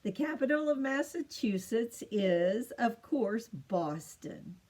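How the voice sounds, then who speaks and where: A middle-aged woman teaching children, slow and patient, repeating each answer in a sing-song lilt. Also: a little high, animated, a little mellow. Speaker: teacher of state capitals to children. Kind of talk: slow home-made lesson for children.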